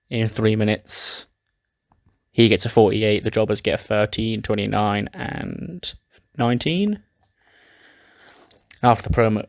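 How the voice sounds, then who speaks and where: Low-voiced man recapping a game. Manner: recaps storylines casually with swearing. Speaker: game player narrating. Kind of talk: narrating a wrestling sim playthrough.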